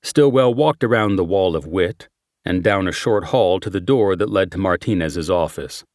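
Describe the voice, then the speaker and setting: Low-voiced male audiobook narrator. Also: no echo, studio quality. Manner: measured, steady reading. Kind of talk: scripted narration.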